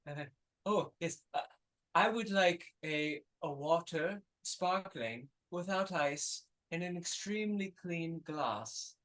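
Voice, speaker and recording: A man with a New Zealand accent playing a fussy, chivalrous gentleman on a dinner date in improvised comedy. He sounds prim and precise and orders in fussy detail. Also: fairly high pitch, lively intonation, slow. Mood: prim, eager.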